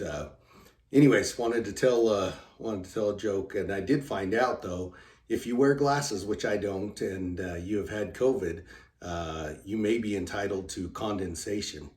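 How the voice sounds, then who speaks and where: A man, the channel's host, telling a joke casually in a halting, rambling way full of fillers. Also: sits low, a little mellow. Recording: roomy sound from a distant mic.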